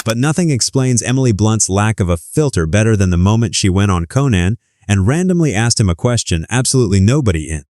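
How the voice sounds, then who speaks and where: A man's voice: fairly low pitch, expressive, brisk, darkish tone, no room sound, studio quality. A man reading wry, scripted narration that links clips together.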